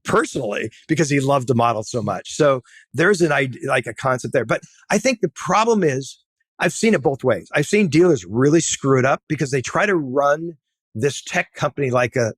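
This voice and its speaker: A middle-aged man speaks as a podcast guest, pressing his points with blunt, emphatic advice and tagging his sentences with "right?". His voice sits at an ordinary pitch. The sound is close and dry, with no room around it. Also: lively intonation, normal speed, slightly rough, no room sound. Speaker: podcast guest, tech entrepreneur. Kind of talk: casual interview talk.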